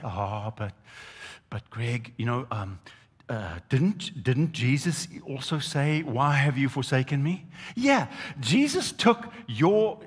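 Emphatic, animated male preacher. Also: mid-range voice, husky, big-room sound. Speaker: pastor. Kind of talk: sermon.

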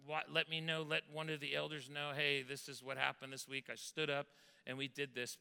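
With vocal fry in a pushed, bright voice on the high side that stays clear and resonant, a man preaches as pastor in a reverberant hall. He earnestly shares a church member's story, repeating words when moved, before praying over the congregation.

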